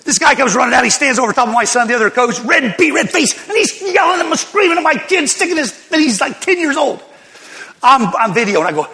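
An older man preaching a sermon, telling folksy stories with sudden loud outbursts. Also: very high voice, expressive, fairly quick, slightly rough. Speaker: pastor. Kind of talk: sermon storytelling. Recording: long hall reverb.

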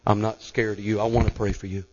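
Preacher guy telling a story in a sermon, lively, does the voices, kinda muffled. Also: fairly low pitch, fast talker. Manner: animated, acts out voices. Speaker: evangelist.

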